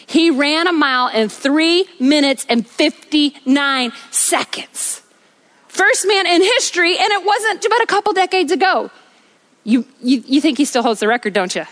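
Woman, preacher, high voice, energetic sermon, rhythmic repetition, church stage. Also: moderate pace. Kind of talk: sermon with storytelling.

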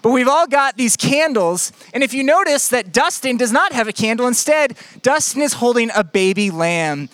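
Young pastor, jokey animated sermon storytelling, dry close sound. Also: male voice, very high voice, normal speed, few pauses, no echo.

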